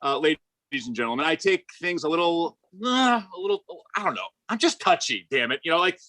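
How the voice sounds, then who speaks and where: A man in his forties doing a stand-up set, hyper and animated, often stammering and restarting his lines. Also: a little high, a little fast. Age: 40s. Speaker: stand-up comedian.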